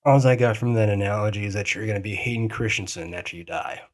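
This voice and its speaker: A man's voice: on the low side, fast. A man co-hosting a podcast in casual chat, teasing his friend and rambling, swearing freely. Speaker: podcast co-host.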